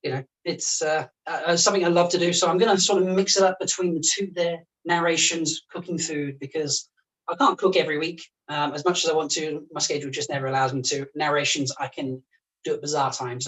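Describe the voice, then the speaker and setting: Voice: medium pitch, quick pace, fairly bright tone. Chatty chef, off-mic. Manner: chatty, laughs often, busy cooking while talking. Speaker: chef and charity livestream host. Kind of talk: casual livestream chat. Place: home kitchen with the oven on. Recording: voice picked up from a distance.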